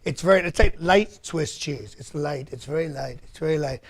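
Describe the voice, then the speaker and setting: A man's voice: fairly high pitch, moderate pace. A man impersonating a bragging older politician. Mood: boastful. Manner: bragging, repetitive, rambling asides. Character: boastful rambling older male politician. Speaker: comedian doing an impression. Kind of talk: live-stream comedy press conference.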